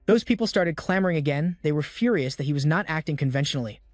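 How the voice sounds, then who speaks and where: A man giving brisk scripted recap narration of a fantasy story. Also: fairly high pitch, expressive, no room sound, studio quality. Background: faint background music.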